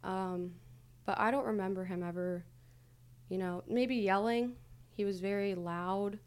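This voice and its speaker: A woman's voice: mid-range voice, steady tone, measured pace, a little mellow, clear, resonant tone. Candid young woman telling her story. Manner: hesitant, candid storytelling with many fillers. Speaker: podcast guest. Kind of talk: casual conversational interview.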